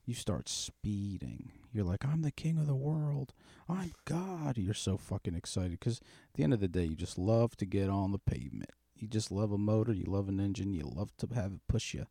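A man with a low, mellow voice rambles through a long, profane, darkly joking story in casual chat. The recording is dry and close, with no room sound. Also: fairly quick, creaky, few pauses, no room sound.

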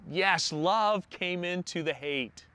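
A man delivers a sermon at a measured, unhurried pace, leaning on key words with long pauses. His voice sits slightly high and has a bright, forceful edge. He speaks like a pastor addressing his congregation. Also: smooth. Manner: preaching with slow emphatic pauses.

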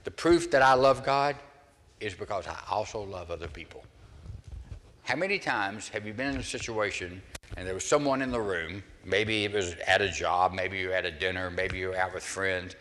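Older Southern man preaching in a hall. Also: deep voice. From American South. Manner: storytelling, animated delivery with acted-out voices. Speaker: pastor. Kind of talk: sermon.

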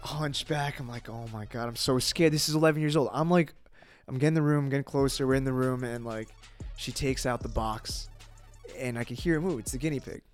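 A man, a podcast guest, telling a personal story in casual talk, animated, with lots of fillers and swearing. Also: medium pitch, a little fast, soft background music.

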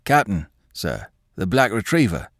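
Brief: a man as a respectful household butler, quiet and dutiful, dry close sound. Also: sing-song, unhurried, dry recording. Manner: low-voiced and deferential, raising his voice to rouse his master. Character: patient male household butler.

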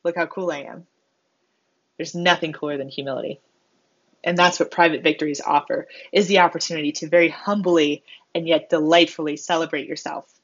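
A woman delivering a motivational monologue, expressive and self-mocking, acting out the voices she quotes. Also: low voice, fairly quick. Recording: slightly dull lo-fi sound.

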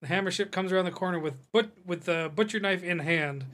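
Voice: medium pitch, brisk, a bit bright. A game master describing scenes for a tabletop roleplaying game in a loose, rambling way. They often stop to search for words and laugh along with the players.

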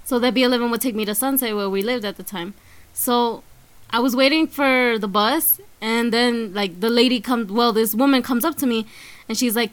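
A woman's voice: fairly high pitch, brisk, fairly bright tone. A woman with a Brooklyn accent co-hosting a podcast, telling a story in a laid-back, slangy way. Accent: Brooklyn, New York. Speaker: podcast co-host. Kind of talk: casual podcast chat.

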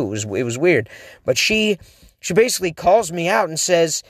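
A man's voice: a little high, animated, brisk, dry recording. A man hosting a podcast who tells a personal story in a rambling, self-deprecating way, with lots of restarts, on a close mic. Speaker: podcast host. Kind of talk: casual storytelling monologue.

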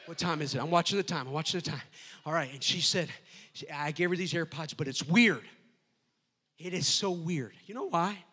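A man preaching at a youth camp, moving between fiery shouted calls to the crowd and relaxed, joking stories. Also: on the high side, moderate pace, slightly rough. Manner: relaxed storytelling with jokes. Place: youth camp meeting room.

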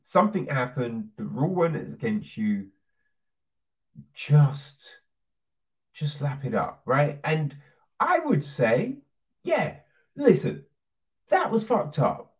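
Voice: mid-range voice, very animated, slow, pauses often, darkish tone. A commentator delivering a profane, sarcastic, heated opinion rant. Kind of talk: ranting opinion monologue. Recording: distant dull lo-fi sound.

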